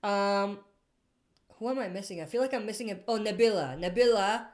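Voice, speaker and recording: This livestream host speaks briskly in a mid-range voice. She reads viewer comments aloud in her casual stream and responds in a rambling style, regularly stopping to correct herself.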